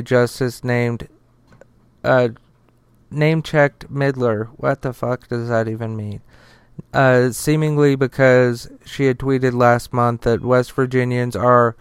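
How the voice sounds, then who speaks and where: A man's voice: mid-range voice, clear, resonant tone, dry recording, clean studio sound. A man from Utah hosting a podcast, reading news stories with many fillers and breaking into profane, outraged asides. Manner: halting, with many uh fillers and repeated words. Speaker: podcast host. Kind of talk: casual news commentary.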